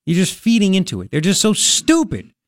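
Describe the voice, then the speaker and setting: Male talk radio host, animated delivery, dry close sound. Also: high voice, fairly quick, no echo. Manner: animated, laughing, mocking voices. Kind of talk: casual talk radio banter.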